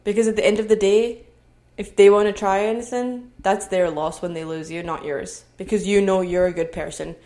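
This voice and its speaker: A woman's voice: mid-range voice, steady tone, moderate pace, mellow. A woman in her twenties from Scotland with a Scottish accent, talking alone on her podcast at home in an earnest, motivational way. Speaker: podcast host. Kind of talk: solo podcast monologue.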